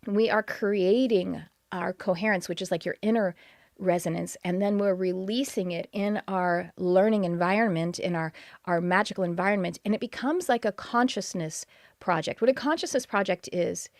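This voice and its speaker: A woman's voice: mid-range voice, dry recording, studio quality. Enthusiastic Texan woman hosting a live stream. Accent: Texas. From Texas. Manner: enthusiastic, greets viewers by name. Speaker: podcast host.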